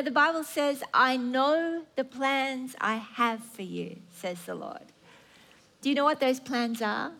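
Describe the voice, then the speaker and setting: Slow, high-voiced woman preaching. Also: bright, forceful tone. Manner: earnest, emphatic repetition. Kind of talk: sermon.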